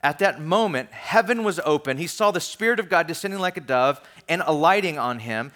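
Animated conversational male preacher. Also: a little high, a little fast. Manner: conversational, animated, swings between soft asides and emphatic peaks. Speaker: pastor. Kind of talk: sermon.

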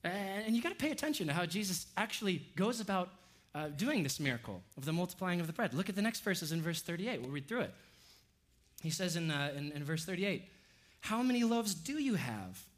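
A man preaching a sermon, animated and sarcastic as he acts out the disciples' lines. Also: high voice, brisk. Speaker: pastor.

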